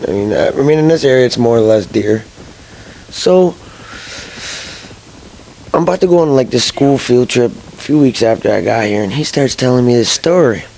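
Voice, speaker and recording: A young man from Massachusetts telling a rambling, excitable personal story, full of fillers and chuckles. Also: medium pitch, moderate pace, vocal fry, pauses often, slight background noise, rough recording. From Massachusetts, USA. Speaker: gaming channel storyteller.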